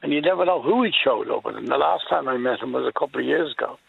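Man, very gravelly, husky, rambling phone-in memories, tinny phone line. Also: mid-range voice, lively intonation, fast. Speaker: caller on the line. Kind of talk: phone-in reminiscence.

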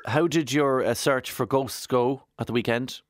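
A man's voice: medium pitch, normal speed, no room sound. A man hosting a radio interview in the studio, playful and jokey, often cutting in with questions. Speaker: radio host.

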